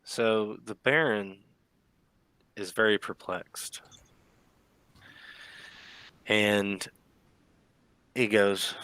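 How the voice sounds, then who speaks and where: Male game master, lowish voice, unhurried storytelling, dry mic. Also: steady tone, sharp tone, clear, resonant tone, no echo. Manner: slow, measured storytelling with voiced lines. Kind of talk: narrating a tabletop game.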